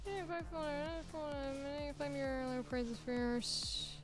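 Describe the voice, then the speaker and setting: A woman's voice: high-pitched, unhurried, over music. A woman voice actor chatting casually while preparing auditions, thinking aloud and interrupting herself. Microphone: headphones monitoring at a home recording setup.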